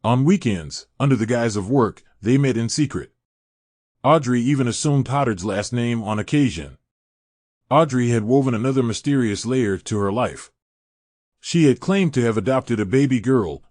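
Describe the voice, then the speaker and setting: A man giving a scripted, dramatic true crime narration in a measured storytelling delivery. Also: mid-range voice, darkish tone, no room sound, studio quality.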